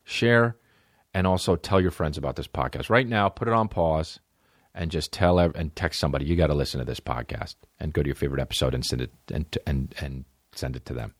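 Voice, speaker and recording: A man's voice: brisk, no echo. Profane rambling man, dry mic. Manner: profane, rambling, animated swings in pitch. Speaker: podcast host. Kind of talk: solo podcast rant.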